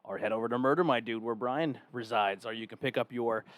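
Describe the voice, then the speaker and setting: Hosting a casual podcast, a man chats loosely and stays relaxed while he plugs links and steers through the show's rundown. His voice is medium-pitched and brisk.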